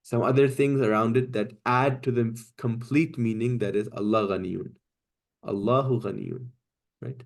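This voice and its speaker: A man's voice: mid-range voice, fairly even intonation, vocal fry. Patient man teaching Quranic Arabic grammar. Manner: patient, checks understanding with frequent "right?" and "okay?"; recites Arabic verses quickly. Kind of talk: live class explanation.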